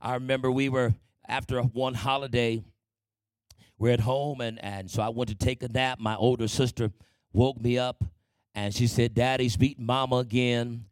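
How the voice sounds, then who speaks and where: A man's voice: mid-range voice, little pitch movement, moderate pace, a little mellow, dry recording. A man telling his life story to a congregation in a church testimony, speaking conversationally and often asking the listeners for an amen.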